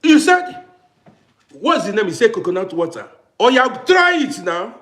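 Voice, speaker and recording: A man's voice: high-pitched, big pitch swings, normal speed, sharp tone. A man with grown children, ranting to camera on his vlog in an emphatic, repetitive, challenging way. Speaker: vlogger. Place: living in Austria.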